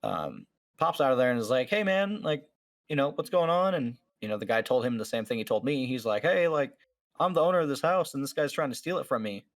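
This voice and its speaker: A man's voice: medium pitch, expressive, quick pace. A man on a podcast telling a story in casual chat, acting out what each person said, with many fillers. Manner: acts out the people in his story, many fillers. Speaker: podcast host.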